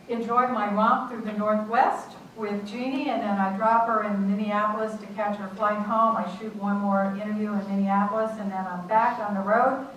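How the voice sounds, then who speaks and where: A woman in her eighties performing a one-woman theatre monologue, telling a road-trip story with animated, dramatic delivery. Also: mid-range voice. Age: 80s. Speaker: solo stage performer. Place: theatre stage. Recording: roomy distant stage recording, faint noise.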